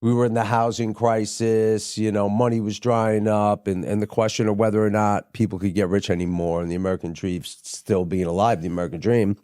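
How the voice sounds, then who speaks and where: A man's voice: fairly low pitch, level tone, fairly quick, few pauses, a little mellow, dry recording, studio quality. A man as a podcast guest, telling stories in a laid-back, profane, rambling way with lots of fillers. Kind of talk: casual storytelling interview.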